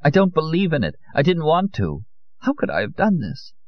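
A man's voice: deep voice, animated, normal speed, lo-fi sound. A man voicing an ashamed, bitter young woman in an audiobook reading, speaking with anguish. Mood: distraught.

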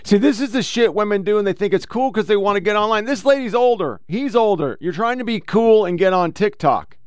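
A man's voice: high-pitched, animated, a little fast, clear, resonant tone, dry recording. A middle-aged man hosting a casual, profane commentary show, bluntly lecturing about the clips he plays. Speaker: podcast host reacting to clips.

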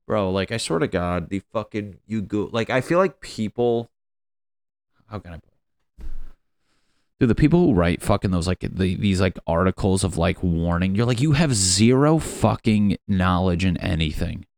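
Profane ranting man with a low voice. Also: expressive, normal speed, a little mellow, dry recording, clean studio sound. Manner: profane, rambling, ranting with frequent fillers. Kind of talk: rambling comedic rant.

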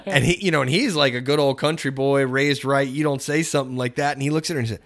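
A man's voice: mid-range voice, quick pace. Middle-aged male podcast co-host, chatty, rambling retellings, mid-range voice. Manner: rambling storyteller, acts out quotes loudly. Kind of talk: casual movie chat.

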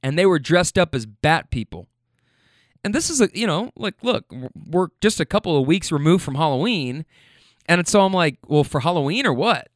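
A young man with a slightly higher voice tells a rambling story and acts out each character's lines. His delivery is animated, with laughter breaking in. The recording is close and dry, with no room sound. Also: moderate pace, no echo. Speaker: storyteller recounting a rideshare passenger story. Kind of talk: casual storytelling.

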